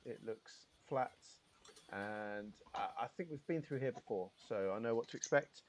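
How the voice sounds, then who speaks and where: A man's voice: medium pitch, normal speed. A man playing a character in a tabletop role-playing game, talking in a friendly, hesitant way with plenty of "um" and "uh". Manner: hesitant, friendly, light laughs. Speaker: player. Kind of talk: casual tabletop play, partly in character.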